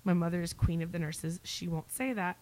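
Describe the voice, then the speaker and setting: A woman's voice: lowish voice, fairly even intonation, fairly quick, a little mellow, rough recording. A woman in her thirties from Oklahoma, a podcast guest chatting casually and telling stories with lots of fillers. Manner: chatty storyteller with fillers and playful asides. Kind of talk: casual interview chat.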